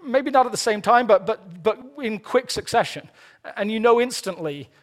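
A man's voice: high-pitched, animated, normal speed. A man preaching a sermon, earnest with playful asides, often repeating the first word of a phrase. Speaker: pastor.

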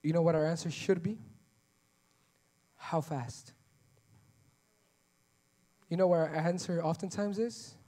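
A man preaching a sermon, animated, acting out little dialogues with God and repeating phrases for emphasis. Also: fairly high pitch, fast, few pauses. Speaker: pastor.

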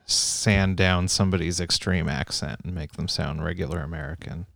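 A man's voice: low voice, fairly even intonation, normal speed, gravelly, fairly bright tone, no echo. A man co-hosting a podcast, joking in casual banter with frequent restarts. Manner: jokey, rambling with restarts. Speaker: podcast co-host.

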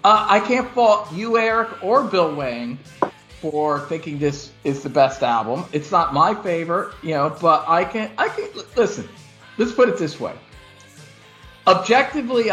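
A man hosting a casual music podcast, animated, laughing often and swearing freely. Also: fairly high pitch, moderate pace. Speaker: podcast host. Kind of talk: casual chat about music.

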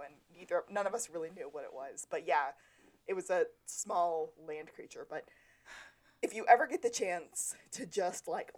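A woman's voice: lowish voice, darkish tone. A woman co-hosting a podcast in casual chat, rambling in a friendly way and talking straight to the listeners. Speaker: podcast co-host.

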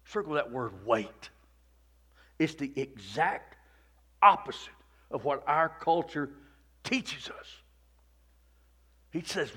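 Guy preaching a sermon, high voice, bright and forceful, repeats lines over and over, goes from shouting to almost whispering. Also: sing-song, slow, long pauses, slightly rough. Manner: repetitive preaching cadence, swinging from shouted peaks to hushed near-whispers. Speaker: pastor.

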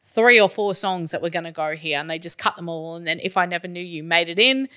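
A woman co-hosting a podcast in casual chat, talkative and quick to laugh. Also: on the low side, bright, forceful tone, smooth. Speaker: podcast co-host.

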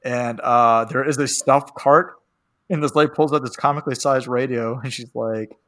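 A man's voice: medium pitch, fairly even intonation, normal speed, a bit bright. A man chatting casually on a podcast, recapping a film in a rambling way, often laughing and acting out lines. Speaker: podcast co-host.

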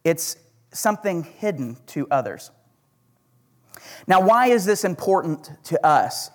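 A high-pitched man with an Oklahoma accent preaches a relaxed, conversational sermon. He slows down to read scripture aloud with weight on each phrase. His delivery stays easygoing between the readings. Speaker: pastor.

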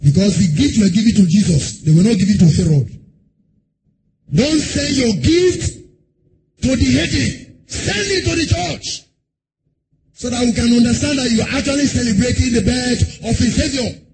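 Brief: high-pitched male preacher, sing-song and shouting delivery, noisy live church recording. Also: moderate pace. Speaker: pastor. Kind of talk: sermon.

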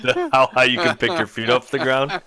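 A man telling a story in casual chat, animated and laughing often as he goes. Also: mid-range voice, moderate pace, a crowd in the background.

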